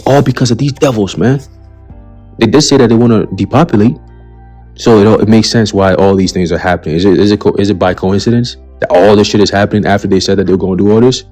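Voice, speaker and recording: Low-voiced man ranting on his own channel. Blunt, profane, preachy, faint music underneath. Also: quick pace, a little mellow. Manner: blunt, profane and heated, repeats "okay?" as a tag; preacherly, warns of coming doom. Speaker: commentary channel host. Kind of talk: ranting commentary on a list of news items.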